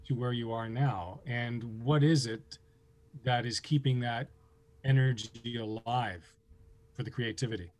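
Male interviewer, mid pitch, tentative questions full of fillers. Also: fairly even intonation, measured pace, darkish tone. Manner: hesitant, filler-heavy questioning.

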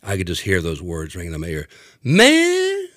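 A man telling a comic story in an animated way, acting out the voices of the people in it. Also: low voice, quick pace, dry recording, clean studio sound. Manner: animated, acts out voices, laughs a lot.

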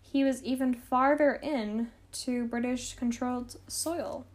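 Slow and steady, this young woman speaks on the high side while hosting a history podcast. Her storytelling stays casual, sprinkled with fillers, wry remarks and playful mock quotes.

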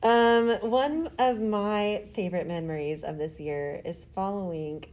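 A woman's voice: mid-range voice, measured pace, a little mellow. A woman teacher chatting on a class podcast with her co-host, teasing her students affectionately. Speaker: middle school teacher. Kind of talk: casual podcast chat with students.

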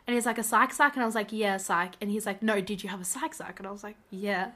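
A teenage girl telling a story in casual chat, animated and gushing with lots of "like", her voice slightly raspy from a cough. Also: mid-range voice, fast. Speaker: podcast co-host.

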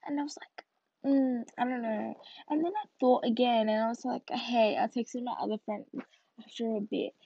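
A tired young woman talks through her podcast story in a loose, rambling way, stuffing it with fillers and sometimes dropping into a whisper. Her voice is mellow and gravelly. The recording sounds dull and muffled. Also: fairly high pitch, brisk, dry recording. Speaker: podcast host. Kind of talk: casual storytelling monologue.

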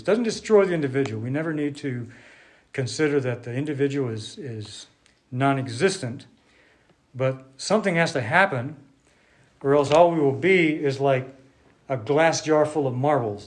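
A man giving a sermon to a congregation, unhurried and conversational, thinking aloud with restarts while drawing on a board. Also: mid-range voice, animated. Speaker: preacher.

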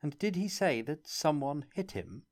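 Mild, quietly ironic young player, pitched above the reader's usual voice, a male narrator doing him. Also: sing-song, measured pace. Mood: soft. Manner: mild, soft-spoken, subtly ironic. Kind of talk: audiobook character reading.

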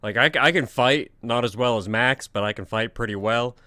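A man's voice: mid-range voice, moderate pace, sharp tone, no room sound, clean studio sound. A man co-hosting a podcast, joining the casual chat with laid-back, profane banter. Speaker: podcast co-host.

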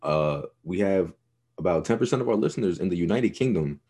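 A man's voice: deep voice, lively intonation, brisk, dark tone, husky. A young man co-hosting a sports podcast, chatting casually in a laid-back, rambling way and swearing freely. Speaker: podcast co-host.

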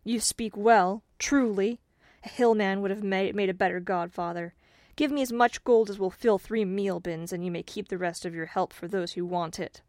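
A woman's voice: medium pitch, a little fast, darkish tone, natural voice. A greedy, impatient young farmer from an old fairy tale, as a woman reading the story puts him on. He sounds eager and demanding, pressing hard for riches. The room is dry, with no echo.

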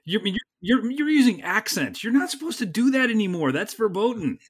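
A man's voice: high voice, very animated, a little fast, husky. A man hosting an interview and asking probing questions in a conversational way. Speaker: host. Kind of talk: casual interview.

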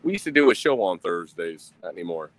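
Speaking a little fast in a low, very animated voice, a livestream host chats casually into a phone at an outdoor grill. He swears, rambles and pokes fun at himself, and the audio quality is low.

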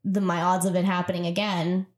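A woman's voice: lowish voice, level tone, fairly quick. Chatty self-mocking young woman co-host. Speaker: podcast co-host. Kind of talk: casual chat.

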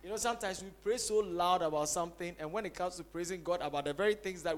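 A man preaching a sermon as pastor, swinging between loud exclamations and soft quick asides. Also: high voice.

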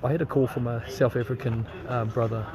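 A man with a New Zealand accent talks at a mid pitch, halting and earnest, with an indignant edge. He is recording a casual video update in a busy airport terminal, and crowd chatter is clearly heard behind him. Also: little pitch movement. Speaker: campaign leader posting a video update. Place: airport terminal, waiting on a delayed flight.

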